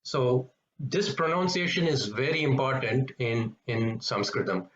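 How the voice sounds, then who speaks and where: Guy teaching sounds, patient, repeats stuff slowly, roomy dull-ish audio. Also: mid-range voice, a bit bright. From Tamil-speaking background, South India. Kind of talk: explanatory lesson on pronunciation. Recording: echoey, slightly dull room recording.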